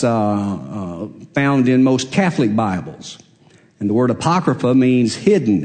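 A man's voice: mid-range voice, a little mellow. A man preaching a sermon, emphatic, repeating his phrases and asking rhetorical questions.

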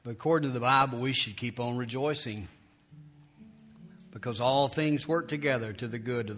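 A male pastor preaching a sermon and leading prayer, telling stories in an animated way that builds to loud, emphatic peaks. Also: mid-range voice, moderate pace, soft background music.

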